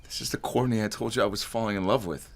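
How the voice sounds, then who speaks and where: A man's voice: fairly low pitch, fast. A man acting as a jilted, needy ex in a comedy sketch, sounding hurt and pleading. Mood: aggrieved.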